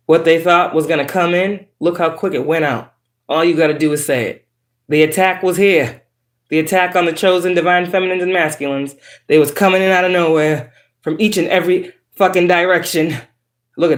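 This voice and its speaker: A woman tarot reader chatting casually to her viewers, outspoken and profane. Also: deep voice. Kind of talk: casual tarot reading chat. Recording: roomy echo.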